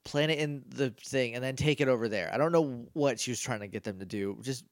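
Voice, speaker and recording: A man's voice: medium pitch, a little fast, no echo, studio quality. A man co-hosting a podcast, recapping an episode in casual chat and rambling, slipping into funny voices for the characters. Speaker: podcast co-host.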